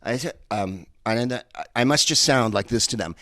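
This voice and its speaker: A man's voice: mid-range voice, lively intonation, moderate pace, sharp tone, dry recording, clean studio sound. A stand-up comedian from San Francisco performing a set from home over a video call with an earpiece headset. He rambles and digresses with many fillers and restarts.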